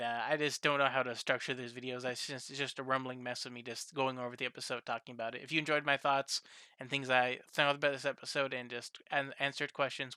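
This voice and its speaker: A man's voice: medium pitch, pushed and bright, clear, resonant tone, dry recording. A man giving a rambling, casual episode review on his channel, circling back and restarting often. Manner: rambling, lots of fillers and restarts. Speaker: YouTube reviewer.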